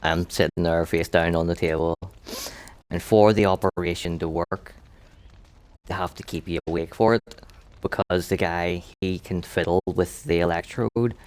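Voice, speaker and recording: A man's voice: low voice, a little mellow, smooth. A man streaming a game live, telling a crude anecdote full of profanity. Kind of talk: profane storytelling while gaming.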